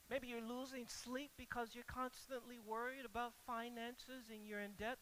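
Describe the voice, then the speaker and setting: A preacher delivering a sermon, swinging from quiet, low reflection to loud, pressing rhetorical questions, often stumbling over and repeating words for emphasis. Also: little pitch movement, normal speed, hardly any pauses, slight background noise, low-quality recording. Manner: stammers and repeats words when stressing a point.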